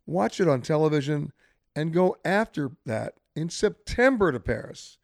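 A man's voice: a little high, animated, normal speed, gravelly, no room sound, studio quality. A man hosting a radio travel show, giving chatty, emphatic travel advice straight to listeners. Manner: chatty, emphatic, gives direct travel tips. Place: hotel where the show is broadcast.

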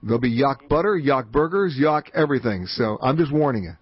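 A man hosting a radio travel call-in show, chatty and emphatic with quick asides. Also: medium pitch, expressive, husky, dry recording. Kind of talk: fast radio call-in talk. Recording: dull band-limited radio audio.

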